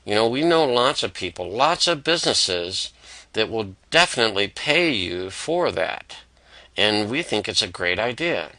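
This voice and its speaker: A man's voice: lowish voice, big pitch swings, a little slow, sharp tone, dry recording, heavily acted. A man voicing an enthusiastic male advertising executive, upbeat and persuasive. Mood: excited.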